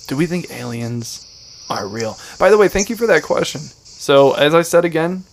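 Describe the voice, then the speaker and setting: A man's voice: fairly high pitch, lively intonation, normal speed, creaky. A man hosting a casual podcast, joking and teasing his friends as he talks. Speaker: podcast host. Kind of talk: casual banter.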